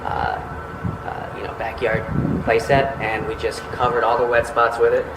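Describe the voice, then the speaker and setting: A man plainly recalls an event in an interview, pausing to find his words. He speaks from a distance in an echoey room. Air conditioning hums steadily behind him. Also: medium pitch, level tone, background noise. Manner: plain, halting recollection. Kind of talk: interview recollection.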